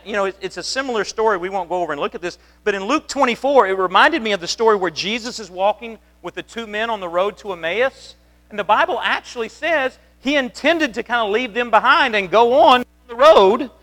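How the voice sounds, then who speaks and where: A man's voice: high voice, fairly bright tone. A man preaching a conversational sermon as a pastor, telling the story in a chatty way with many restarts. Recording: long reverb of a hall.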